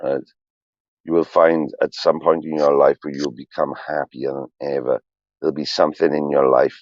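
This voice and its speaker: A man's voice: extremely low pitch, flat delivery, normal speed, dry recording, dull audio. A man in his forties, a streamer, rambling on a livestream in a profane, emotional, confessional way.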